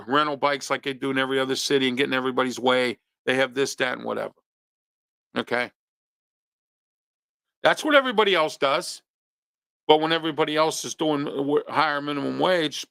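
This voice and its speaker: A local talk show host rants his opinions in a monologue full of pointed rhetorical questions. His medium-pitched voice has a sharp tone and vocal fry, and the recording is dry.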